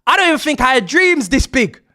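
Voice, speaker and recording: A young man hosting a live football watch-along, his voice climbing very high when he yells at the screen. His tone is bright and sharp, with lively swings in pitch. Between bursts he draws his words out slowly. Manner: excitable, yelling and exclaiming at the match. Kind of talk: live reaction commentary.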